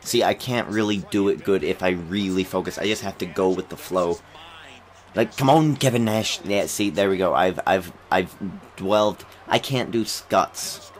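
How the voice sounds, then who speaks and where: A man's voice: low-pitched, moderate pace. A man giving rambling, chatty commentary over footage of his wrestling game, self-deprecating as he talks. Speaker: wrestling game video creator. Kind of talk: casual commentary over gameplay.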